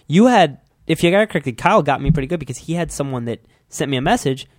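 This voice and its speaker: A man's voice: on the high side, lively intonation, fast, no room sound, studio quality. A man co-hosting a casual talk show, telling teasing stories in a chatty way. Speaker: co-host. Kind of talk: casual podcast banter. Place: studio.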